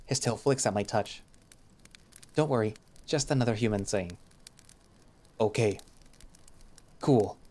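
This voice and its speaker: A man giving first-person, reflective narration of a visual novel. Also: on the low side.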